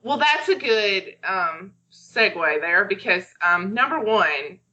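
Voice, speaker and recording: A woman's voice: mid-range voice, animated, slow pace, bright, forceful tone, dull audio, a little hiss or hum. A woman co-hosting a podcast in casual chat, talking with many fillers and acting out her own thoughts. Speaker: podcast co-host.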